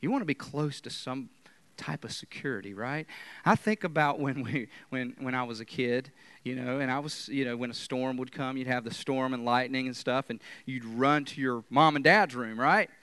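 A man preaching a sermon, moving from loud, emphatic lines to hushed whispers. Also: mid-range voice, normal speed, clean tone, no echo.

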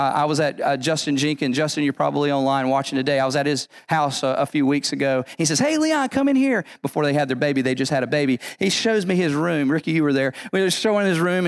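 A man's voice: on the high side, dry recording, studio quality. A man preaching a sermon as pastor, emphatic and repetitive, often restarting his phrases.

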